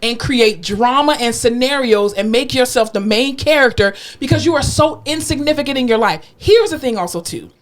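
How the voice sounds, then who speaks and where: Blunt, animated woman on a podcast. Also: fairly high pitch, moderate pace, hardly any pauses. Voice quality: nasal in her podcast voice. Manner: blunt and animated, swears freely. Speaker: podcast co-host. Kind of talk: casual podcast chat.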